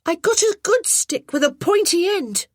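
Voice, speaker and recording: Lady reading as a little boy, high squeaky kid voice, eager and stubborn, storybook. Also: expressive, moderate pace, no echo, studio quality. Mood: eager insistent. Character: small remorseful stubborn young boy. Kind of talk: audiobook character voice.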